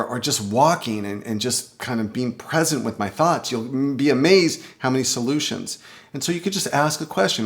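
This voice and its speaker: A male life coach talks straight to camera in a relaxed, unscripted way, giving earnest advice at a middle pitch. He sounds reflective and often speaks aloud the questions he asks himself. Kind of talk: casual advice monologue to camera.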